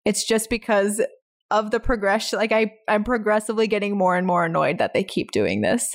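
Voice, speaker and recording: A woman's voice: medium pitch, animated, fairly quick. Chatty female podcast co-host. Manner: chatty, laughs often, hedging with "like". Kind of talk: casual film review chat.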